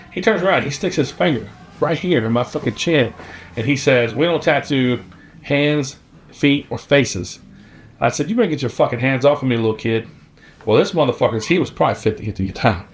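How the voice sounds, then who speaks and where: A man, a tattoo artist telling a story from his youth in a blunt, profane, laid-back way. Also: mid-range voice. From Virginia, US. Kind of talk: casual storytelling.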